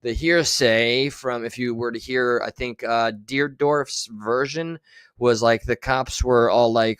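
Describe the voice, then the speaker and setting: Over clips played on his livestream, this streamer delivers blunt, sarcastic, heavily profane commentary. His voice is medium-pitched, slow and fairly even in intonation, with a smooth, fairly bright tone and no room sound.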